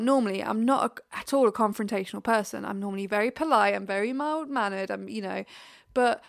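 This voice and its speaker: A woman co-hosting a podcast, ranting in animated, exasperated bursts in casual chat. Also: mid-range voice, vocal fry, dry recording, studio quality. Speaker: podcast co-host.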